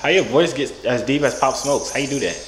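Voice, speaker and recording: Loud teasing man in his twenties. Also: medium pitch, brisk. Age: 20s. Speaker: vlogger. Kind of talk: casual random video chat. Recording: echoey with loud noise.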